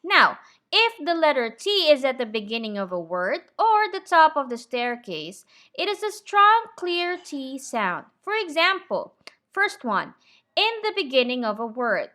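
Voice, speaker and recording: A woman with a high, very animated voice, pushed and bright, is teaching English pronunciation. The lesson is slow and clear; she patiently works through words one at a time and often asks "okay?"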